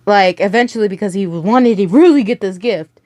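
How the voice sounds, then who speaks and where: A woman's voice: mid-range voice, moderate pace, a little mellow, no echo. A young woman reading a listener story aloud in a casual way, stumbling over words and stopping to react.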